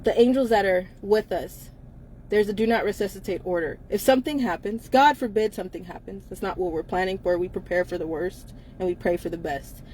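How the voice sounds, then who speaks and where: A woman's voice: mid-range voice, a little fast, darkish tone, a little hiss or hum. A woman co-hosting a casual live-stream chat from inside a car, blunt and emphatic, laughing often between her lines.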